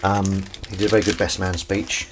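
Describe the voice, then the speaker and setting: A man's voice: deep voice, little pitch movement, a little fast, slight background noise. A man livestreaming from his kitchen while washing up, chatting casually with viewers and reading their comments in a rambling, self-mocking way.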